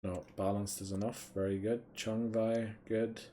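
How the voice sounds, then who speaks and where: A man's voice: on the low side, little pitch movement, measured pace, warm tone. A young man in casual gameplay commentary, muttering to himself, thinking aloud and swearing mildly as he plays. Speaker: gaming streamer.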